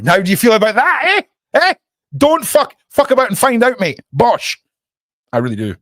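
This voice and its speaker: A Scottish man ranting on his live stream, profane and heated, his voice climbing high and loud in bursts. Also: dry recording, clean studio sound. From Scotland.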